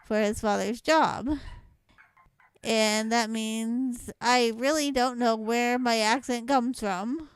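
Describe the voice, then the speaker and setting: A woman's voice: on the high side, clear, resonant tone, no echo. A young woman with a light Southwest Louisiana accent, chatting casually at home in an accent challenge vlog, rambling and laughing lightly. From southwest Louisiana, born in Michigan. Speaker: vlogger.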